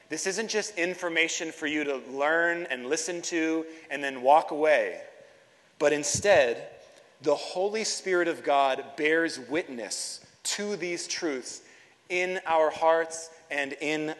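A man's voice: on the high side, expressive, slow, a bit bright. A young man preaching a sermon in a church, earnest, often repeating words as he builds a point. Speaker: pastor. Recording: long hall reverb.

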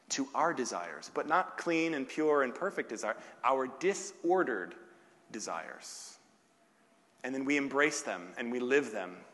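A male pastor delivering a sermon, asking rhetorical questions and slowing down with long pauses on key words. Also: mid-range voice, a bit bright. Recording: long hall reverb.

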